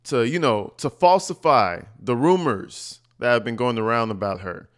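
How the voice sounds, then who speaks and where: A man's voice: medium pitch, moderate pace. A man giving casual, sarcastic commentary over video clips, crude and mocking in his asides. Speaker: commentary vlogger.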